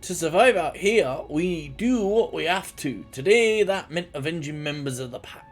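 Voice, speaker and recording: A man's voice: on the high side, expressive, normal speed, soft background music. A man voicing a tough, loyal male mercenary fighter, reading game lines in a rousing tone.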